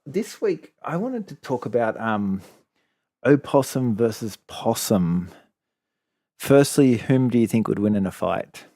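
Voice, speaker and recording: A man's voice: mid-range voice, expressive, measured pace, dark tone, no echo. Rambling Australian man, dry close sound. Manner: rambling, chatty storytelling, laughs often. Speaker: podcast co-host. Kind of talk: casual chat.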